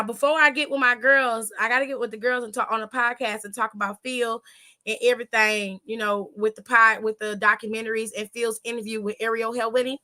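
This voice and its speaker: A woman's voice: a little high, sharp tone. A woman hosting a casual aftershow, telling stories in a loose, profane, gossipy way. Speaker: aftershow host. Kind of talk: casual chat recapping wrestling.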